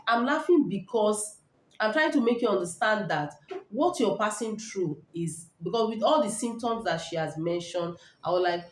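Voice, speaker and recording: A woman's voice: mid-range voice, slight background noise. A middle-aged Nigerian woman hosting a casual health talk, repeating points emphatically and checking in with "all right?". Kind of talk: casual live talk to viewers. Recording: echoey room.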